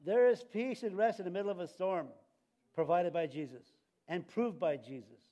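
An older man delivers a sermon with a high voice. He is animated and laughs often, and he acts out the voices he quotes. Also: normal speed, dull audio. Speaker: preacher.

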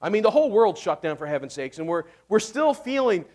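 Brief: high-pitched male pastor, casual and joking, preaching a sermon. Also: sing-song, a little fast, a little mellow. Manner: casual, joking storyteller asking "amen?".

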